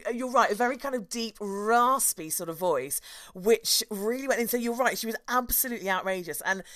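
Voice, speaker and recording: A woman's voice: a little high, brisk, a bit bright, dry recording. Woman host, chatty, laughs a lot, dry close mic. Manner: chatty, laughs often, many fillers. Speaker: podcast host. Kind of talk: casual storytelling chat.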